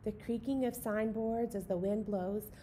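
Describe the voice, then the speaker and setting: A woman reading a picture book as a gentle night owl telling its own story, in a soft, tender, unhurried voice. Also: medium pitch, fairly even intonation, slight background noise, lightly acted. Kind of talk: picture-book read-aloud.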